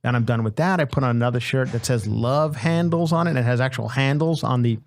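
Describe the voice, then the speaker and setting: Profane, animated male comic storyteller. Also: mid-range voice, quick pace, no room sound. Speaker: podcast host. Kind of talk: casual storytelling.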